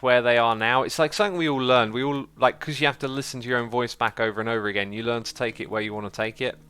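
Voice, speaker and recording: A man hosting a casual livestream, calm and easygoing as he reads out chat and thanks viewers. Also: medium pitch, clean tone, no echo. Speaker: livestream host reading chat.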